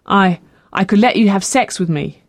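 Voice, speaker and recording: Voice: mid-range voice, normal speed, dry recording, close to an everyday voice. An audiobook reader voicing a desperate young woman caught shoplifting, breathless and pleading.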